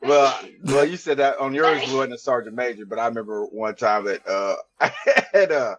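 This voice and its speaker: A man's voice: mid-range voice, moderate pace, dull audio. A man guesting on a podcast, telling a barracks story in a laid-back, profane, drawling way. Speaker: podcast guest, army veteran. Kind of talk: casual storytelling chat.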